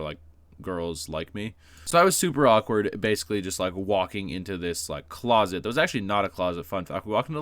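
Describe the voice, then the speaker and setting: Rambling low-voiced man telling a story. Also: fairly bright tone, no room sound. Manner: rambling, filler-heavy, profane, self-deprecating. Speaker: YouTuber. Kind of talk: casual storytime vlog.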